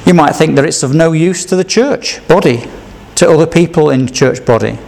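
Higher-pitched man preaching conversationally. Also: fairly quick, vocal fry, a little mellow. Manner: conversational, rhetorical questions, acts out quoted lines. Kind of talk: sermon.

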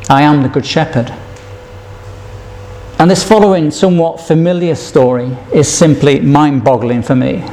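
A man's voice: fairly high pitch, a little mellow. A man preaching a sermon, reading scripture aloud and putting questions to his listeners.

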